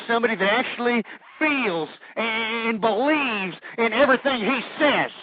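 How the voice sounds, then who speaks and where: A man hosting a call-in internet radio show, ranting vulgarly and shouting with passion. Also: very high voice, no echo, lo-fi sound. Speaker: radio talk show host.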